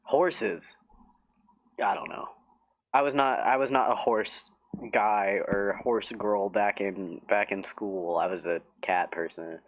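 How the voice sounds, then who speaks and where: A man's voice: fairly low pitch, steady tone, slow, lo-fi sound. A man hosting a casual live stream, rambling in a giggly, self-mocking way.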